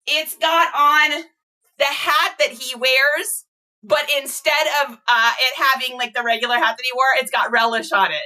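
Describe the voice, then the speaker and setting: A woman reseller chatting casually to viewers, gushing and excitable as she unboxes items. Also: high voice, normal speed, distant mic. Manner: gushing, excitable, squeals and laughs. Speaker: reseller vlogger.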